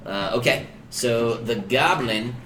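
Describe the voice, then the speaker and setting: A man's voice: medium pitch, slow, fairly bright tone, reverberant, a little hiss or hum. A man narrating and explaining rules as dungeon master of a tabletop game. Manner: casual, explains rules at length.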